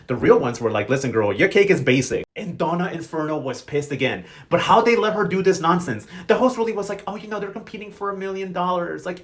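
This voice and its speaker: A quick-talking man with a slightly high voice recaps the drama in a sassy, gossipy way. He drops slang constantly and briefly mimics each character as he goes. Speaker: recap vlogger. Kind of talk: casual chat.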